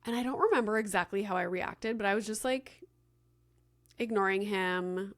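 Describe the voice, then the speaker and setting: A woman's voice: medium pitch, normal speed. A woman in her thirties with a mid-range voice talks through her day as a podcast host. She is chatty and loose, leans on filler words, and slips into the voices of people in her story. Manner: chatty, many "like" fillers, acts out quoted dialogue. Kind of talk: casual solo storytelling.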